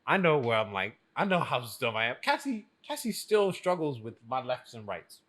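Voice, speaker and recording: A man co-hosting a casual podcast chat, animated and laughing often as he acts out what others say. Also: mid-range voice, moderate pace. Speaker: podcast co-host.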